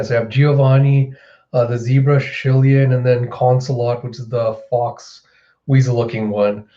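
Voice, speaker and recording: A man's voice: mid-range voice, mellow, dull audio. A man giving casual reaction commentary as a manga reviewer, retelling scenes and acting out lines.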